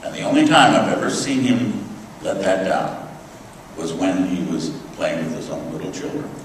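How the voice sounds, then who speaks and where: A man's voice: sits low, expressive, normal speed, a little hiss or hum. An older American man giving a humorous lecture, telling wry anecdotes with dry jokes and frequent fillers. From United States. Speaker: guest speaker. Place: large lecture hall. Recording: echoey hall recording from far off.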